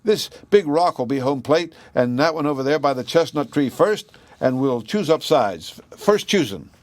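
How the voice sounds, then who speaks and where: A man's voice: on the high side, lively intonation, moderate pace, a little mellow, no room sound, pitched above the performer's own voice, natural voice. A man voicing a plump, scheming boy who gives orders bossily. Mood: bossy.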